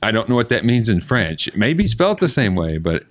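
A man's voice: on the low side, sing-song, brisk, no room sound. A man co-hosting a casual podcast chat, telling easygoing anecdotes.

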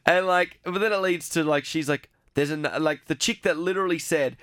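A man's voice: a little high, fairly even intonation, fairly quick, hardly any pauses, fairly bright tone, clean tone, dry recording, studio quality. A young adult man co-hosting a casual film review podcast, retelling scenes in a rambling way full of "like". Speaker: podcast co-host.

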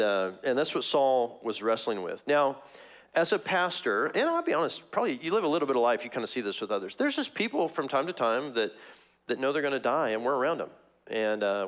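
A middle-aged male pastor from Missouri preaching a casual, conversational sermon with many fillers and frequent laughs, jumping up in pitch when he acts out a story. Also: a bit bright. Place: church sanctuary.

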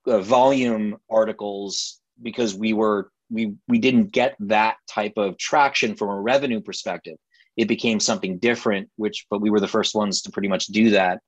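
A man answering in an interview, halting and full of fillers and restarts. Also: on the low side, steady tone, no room sound. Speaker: podcast guest. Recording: dull muffled audio.

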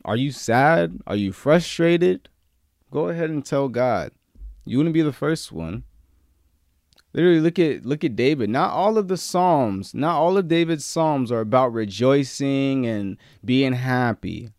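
A man preaching a sermon, moving between loud, emphatic peaks and quiet, low-key stretches, with casual slang mixed in. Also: lively intonation, measured pace, dry recording, studio quality.

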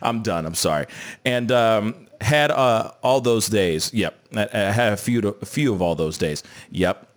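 A man's voice: on the low side, expressive, measured pace. A man hosting a live stream, chatting casually and joking while he reads viewer comments aloud. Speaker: host of a live entertainment news stream.

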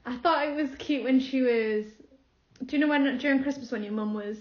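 A woman's voice: high voice, a little fast. A young woman co-hosting a podcast, chatting casually, giggling often and chiming in with her own stories. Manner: giggly, agreeable listener who chimes in with anecdotes. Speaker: podcast co-host. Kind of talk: casual chat. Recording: echoey room, dull lo-fi sound.

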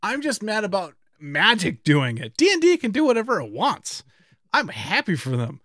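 A man co-hosting a casual podcast, rambling and animated, laughing and swearing as he talks. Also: high voice, normal speed, dry recording, studio quality. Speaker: podcast co-host. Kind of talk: casual chat.

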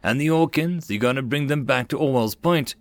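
A man voicing a blunt, proud, hard-edged soldier in an audiobook, speaking a little higher than his narration. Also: brisk, dry recording, lightly acted.

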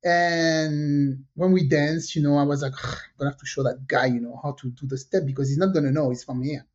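A woman's voice: low-pitched, brisk, slightly rough. Lady on a podcast, chatty storyteller doing all the voices, kinda dull lo-fi sound. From French Caribbean. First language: French. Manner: lively storyteller who acts out quoted dialogue. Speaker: podcast co-host. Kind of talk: casual storytelling chat.

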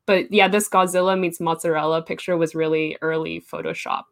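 Young woman, low-pitched, chatty, laughs a lot, casual interview. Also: little pitch movement, brisk, creaky. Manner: chatty, laughs often, many "like" fillers. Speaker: artist being interviewed.

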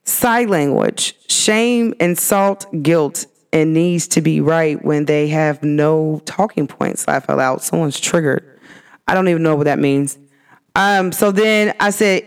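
A woman's voice: low voice, animated, moderate pace, clean tone. A woman hosting a podcast, venting in a casual monologue and retelling arguments with quoted back-and-forth. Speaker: podcast host.

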